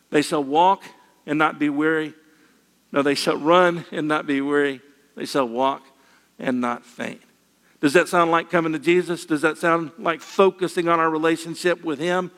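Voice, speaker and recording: Older male preacher, folksy and lightly humorous, slightly high voice, reverberant hall. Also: steady tone, moderate pace. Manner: folksy, with gentle humor and repeated phrases. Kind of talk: sermon.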